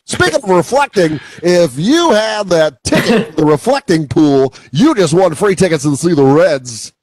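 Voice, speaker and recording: A man's voice: on the high side, big pitch swings, darkish tone, dry recording. A man co-hosting a comedy podcast, riffing casually and slipping into characters. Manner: riffing, quick to slip into characters.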